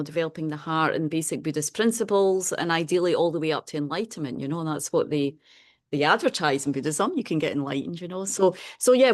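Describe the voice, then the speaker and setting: A Scottish woman in her fifties, a Buddhist nun, chatting informally and softly as she opens a meditation class. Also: on the low side. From Scotland. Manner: chatty, soft-spoken, many "you know"s, light laughs. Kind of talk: casual classroom talk.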